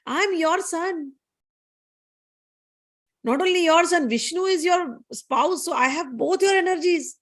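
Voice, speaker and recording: Woman playing a little boy god, high-pitched, ashamed, plaintive, indignant. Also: a little slow, long pauses. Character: child god, five-year-old boy, ashamed and sulking.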